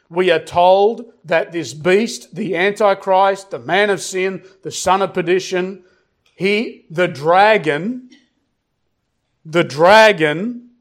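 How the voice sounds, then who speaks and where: A middle-aged man delivers a sermon in a fairly high voice. He hammers key words through repetition, and he drops into a slow, weighty cadence whenever he reads scripture. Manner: emphatic, repeats phrases, slows down for scripture. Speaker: pastor.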